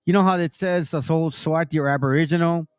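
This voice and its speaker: A man's voice: on the high side, fairly even intonation, fairly quick, smooth, no echo, clean studio sound. A man hosting his own channel, giving heated, preachy commentary over video clips and speaking straight to his listeners. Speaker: channel host reacting to videos.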